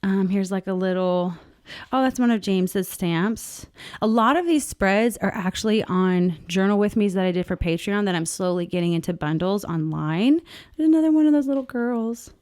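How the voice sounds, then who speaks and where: A woman's voice: lowish voice, normal speed, darkish tone, clean tone. Woman, middle-aged, chatty, rambling, heartfelt, journal flip-through chat. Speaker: journaling artist, channel host.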